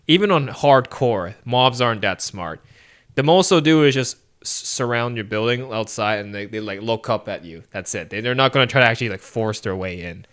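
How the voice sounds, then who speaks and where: Man, podcast co-host, casual movie chat, smooth clear voice, animated. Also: mid-range voice, moderate pace. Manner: animated, laughs often, acts out quotes.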